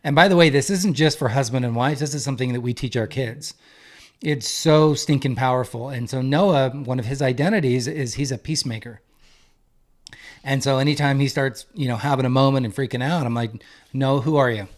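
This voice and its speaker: A man's voice: mid-range voice, fairly quick. A man in his thirties, a marriage coach, giving an earnest, emphatic faith-based talk and repeating key phrases for weight. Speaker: marriage coach and podcast co-host.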